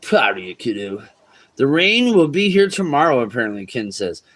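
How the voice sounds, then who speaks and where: Laid-back cursing fishing streamer. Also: male voice, mid-range voice, big pitch swings, moderate pace, fairly bright tone. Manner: laid-back, swears freely, talks to chat. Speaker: fishing livestream host. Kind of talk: casual livestream chat. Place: outdoors on a riverbank.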